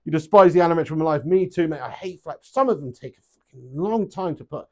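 A young man chatting casually on a live stream, rambling, swearing freely and getting animated. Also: fairly high pitch, fast talker.

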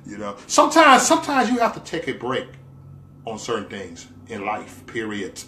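A man's voice: lowish voice, huge pitch swings, moderate pace, bright, forceful tone. A man hosting a casual livestream, chatting with viewers in a playful, teasing way, laughing often and using loose slang fillers. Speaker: livestream host. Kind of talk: casual livestream chat reading viewer comments.

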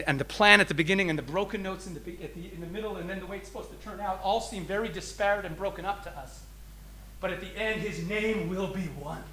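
A man speaking as a rabbi, giving an explanatory teaching talk to an audience, shifting between emphatic and soft delivery and slowing down over key phrases. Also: high-pitched, a little hiss or hum.

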